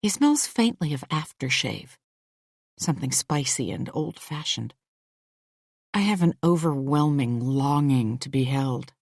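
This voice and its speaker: A woman narrating a first-person thriller audiobook in an intimate, measured storytelling manner. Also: rumbling low, lively intonation, a little mellow, no echo, clean studio sound.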